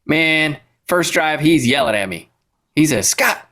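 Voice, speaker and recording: A man co-hosting a podcast, telling a rambling, animated story in casual chat. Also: a little high, a little slow. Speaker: podcast co-host.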